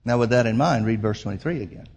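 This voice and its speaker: A man preaching a sermon as pastor, emphatic, slowing down to quote scripture. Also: medium pitch, darkish tone, husky.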